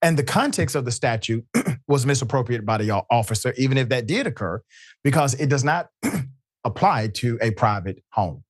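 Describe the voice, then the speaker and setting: A man's voice: mid-range voice, animated, normal speed, breathy edge, dry recording, clean studio sound. A male host giving live news commentary in an emphatic, indignant manner. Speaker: show host.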